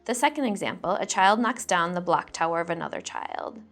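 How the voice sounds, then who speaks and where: Woman trainer with a gravelly voice. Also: lowish voice, animated, a bit bright, faint music behind. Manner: measured, reads out example phrases clearly. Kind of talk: scripted instructional narration.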